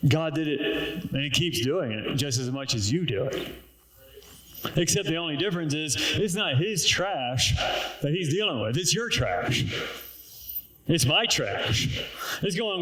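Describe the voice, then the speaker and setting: Brief: male preacher, casual joking sermon, slightly high voice, booming echoey room. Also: animated, a little slow, long pauses, pushed and bright. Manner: joking, conversational, chuckles at his own jokes. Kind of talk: casual sermon with scripture reading.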